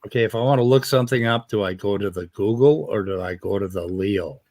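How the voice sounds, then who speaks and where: Blunt low-voiced joking man. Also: fairly quick, darkish tone, dry recording. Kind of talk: casual chat on a stream.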